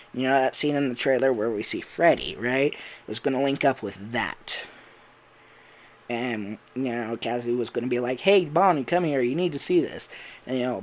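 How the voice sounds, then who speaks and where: A young man and voice actor, casually telling a fan story idea, rambling with fillers and laughing at himself. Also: medium pitch. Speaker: voice actor and YouTuber.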